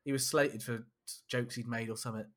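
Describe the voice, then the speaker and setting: Fast bright-voiced man. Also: medium pitch. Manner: animated storyteller, polite, quick to agree. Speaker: podcast co-host. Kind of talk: casual chat.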